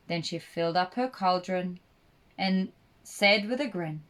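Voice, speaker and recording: Slow expressive woman storyteller. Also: fairly low pitch. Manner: slow, expressive read-aloud. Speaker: puppeteer narrator. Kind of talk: rhyming storybook narration.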